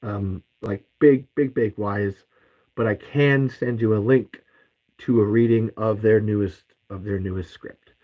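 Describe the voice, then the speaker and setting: This podcast host's voice sits on the low side, warm and steady, at a measured pace, though the audio is poor. He delivers an angry ranting monologue, heated and profane, with heavy swearing and curses said again and again.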